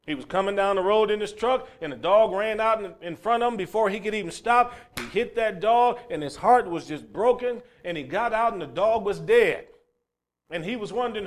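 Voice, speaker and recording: A man preaching a sermon who swings between loud, emphatic bursts and low, quiet passages, and tells stories along the way. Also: animated, moderate pace. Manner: storytelling, acting out a crying child's shouts.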